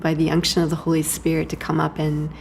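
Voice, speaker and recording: A woman's voice: deep voice, monotone, fast, gravelly, slight background noise. A woman being interviewed, reflecting in a conversational way, hesitant, with many fillers and restarts. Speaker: interview guest.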